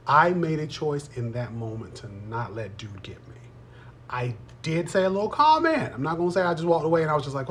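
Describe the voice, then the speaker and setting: A man's voice: medium pitch, a little hiss or hum. A man in his thirties hosting a live stream, chatting casually with viewers in a playful, teasing way. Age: 30s.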